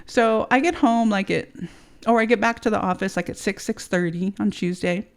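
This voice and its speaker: A woman's voice: medium pitch, moderate pace, gravelly. A woman hosting a podcast, telling a personal story in a rambling way, with frequent swearing and restarts. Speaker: podcast host. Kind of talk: casual storytelling monologue.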